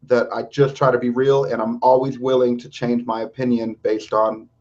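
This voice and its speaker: A man's voice: medium pitch, flat delivery, normal speed, a little mellow. A man hosting a podcast in casual chat, talking bluntly and swearing constantly. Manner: blunt and heavily profane. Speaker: podcast host. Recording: dull lo-fi recording.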